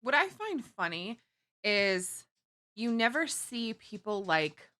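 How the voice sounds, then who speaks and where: Woman podcast host, bright voice, laughs thru her jokes, casual. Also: mid-range voice, sing-song, slow pace. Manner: laughing, mocking asides. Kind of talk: casual chat.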